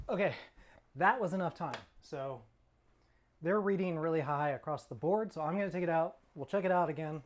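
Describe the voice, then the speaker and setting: A middle-aged man from California, hosting his own cooking channel in a chatty, rambling way with self-mocking jokes, sometimes talking while he eats. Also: a little high. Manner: talks while eating. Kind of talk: casual cooking vlog.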